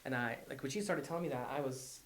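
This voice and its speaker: Male host, interviewer, bright tense tone, mid pitch, empathetic, affirming. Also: fast, slight background noise. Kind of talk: interview conversation.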